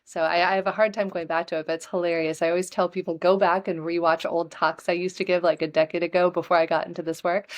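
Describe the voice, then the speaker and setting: A woman speaks as a guest on a podcast over a video call. Her voice sits a little low, and she talks in a calm, grounded way. She ends her phrases on a downbeat. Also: fast talker, few pauses. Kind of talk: casual conversation.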